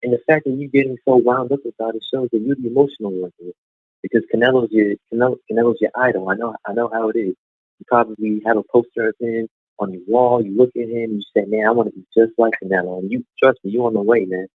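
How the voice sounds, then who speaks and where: Fast-talking caller on a tinny phone line. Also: male voice, medium pitch, fairly even intonation, dry recording. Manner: rapid, heated storytelling. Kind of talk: casual chat over the phone.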